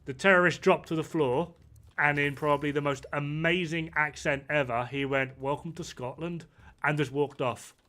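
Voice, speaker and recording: A man's voice: on the high side, fairly even intonation, moderate pace, pushed and bright. A man giving rambling, amused commentary while he plays a video game. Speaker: gaming streamer. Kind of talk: casual commentary while playing.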